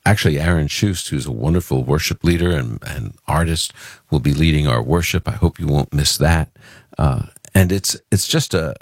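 A man's voice: very deep voice, no echo, clean studio sound. A man from Brooklyn hosting a call-in radio show, talking earnestly and conversationally with fillers and restarts. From Brooklyn, New York. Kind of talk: casual radio talk.

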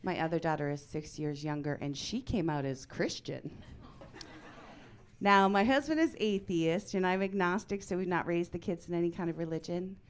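A woman in her forties performing a stand-up comedy set, telling stories in a deadpan way that breaks into loud outbursts. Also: lowish voice, normal speed.

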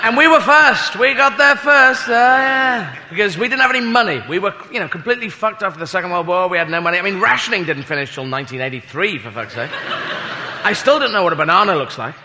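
A man's voice: high voice, lively intonation, racing. A man doing stand-up comedy, rambling and self-mocking, with sweary asides. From Britain. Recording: reverberant hall with loud crowd noise.

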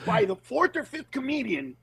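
A male comedian with a high, lively voice that swoops up and down as he spins a story. The tone is a little husky, and the sound is close and dry with no room around it. He slips easily from playful to sincere. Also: moderate pace, no echo. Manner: animated storyteller who acts out other people's voices. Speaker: stand-up comedian. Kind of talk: casual podcast conversation.

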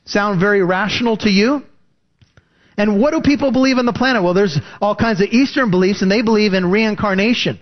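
A man preaching a sermon, reading scripture and explaining it with lively emphasis. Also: brisk. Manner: animated, rising pitch for emphasis. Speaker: pastor. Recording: dull lo-fi recording.

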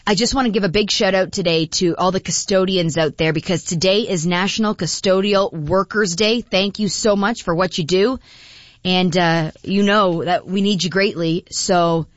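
A woman's voice: fairly low pitch, dry recording. Morning radio host, woman, casual and laughing, reading texts in a dry, slightly muffled studio sound. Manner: chatty, laughing, with frequent fillers.

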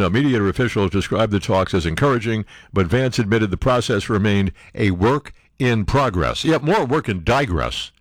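A man's voice: on the low side, no echo, studio quality. Sarcastic older man mocking the news. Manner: mocking, acts out silly voices for quoted people. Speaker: political commentary host.

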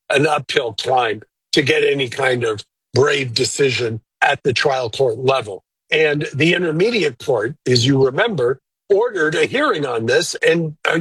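A man with a fairly high, husky voice gives blunt, measured legal opinions as an interview guest. His voice is close and dry, with no room sound. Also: a bit bright, no room sound, low-quality recording. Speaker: lawyer guest. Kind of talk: interview answers.

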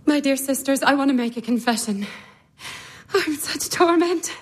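An actress playing a passionate, lovesick middle sister who speaks with urgent, confessional intensity. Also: female voice, sits high, animated, normal speed. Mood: confessing. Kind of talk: stage drama acting.

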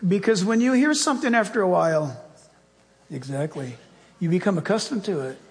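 A man, a pastor, preaching a sermon with animated storytelling and acted-out dialogue. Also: high-pitched, brisk, long reverb tail.

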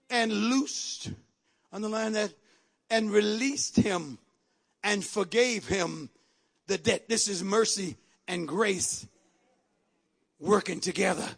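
A man preaching a sermon with emphatic repetition and sudden shouted lines. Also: high-pitched, takes it slowly, pauses often. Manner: emphatic, repeats phrases, bursts into shouts.

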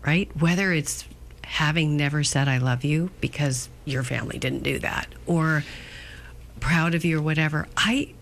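A woman's voice: low-pitched, moderate pace, slight background noise. A woman co-hosting a radio show, talking in a conversational way and urging listeners to act.

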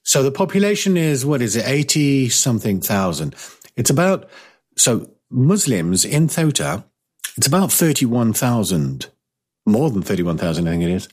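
A man's voice: mid-range voice, very animated, moderate pace, darkish tone, breathy edge. A British man hosting a talk radio show, chatting casually and rambling with many restarts. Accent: British English. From Britain.

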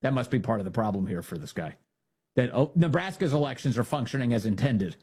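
A man's voice: mid-range voice, animated, fast talker, a little mellow, husky. A man hosting a political talk show, delivering an opinionated monologue full of sarcasm and mocking impressions of the people he talks about. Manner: sarcastic, mocking, acts out quoted voices. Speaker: political commentary host.

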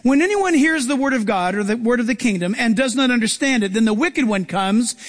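High-voiced animated preacher in echoey hall. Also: male voice, brisk. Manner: animated, acts out quoted voices. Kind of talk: sermon.

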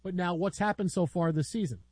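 A man hosting a sports radio talk show, emphatic and animated, repeating phrases for effect. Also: high-pitched, a little fast, no room sound.

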